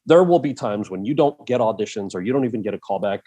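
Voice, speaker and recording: A man in his forties, a podcast guest, telling a long story in an animated way and acting out the voices of the people in it. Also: fairly low pitch, fast talker. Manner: animated, acts out quoted voices in his anecdotes.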